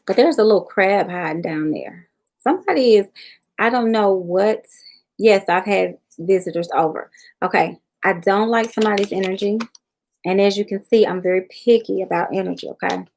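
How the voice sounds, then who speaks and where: Southern memphis lady on a tarot livestream, folksy, calls everybody y'all and honey, gravelly voice. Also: medium pitch, normal speed, darkish tone, a little hiss or hum. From Southern United States. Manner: folksy, reads viewer comments aloud and addresses them as y'all and honey. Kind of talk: casual livestream chat with viewers.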